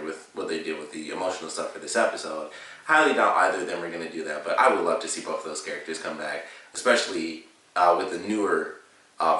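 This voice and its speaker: A man's voice: fairly low pitch, fairly bright tone, distant mic. A man giving a casual, rambling spoken review of a TV episode, with lots of fillers and restarts. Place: home room with a dog. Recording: very echoey room, voice a bit off mic.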